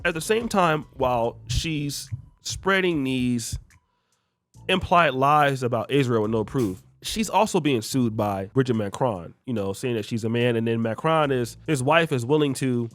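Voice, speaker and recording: A man narrating a commentary video, explaining the events in a lively manner. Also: mid-range voice, a little slow, dry recording.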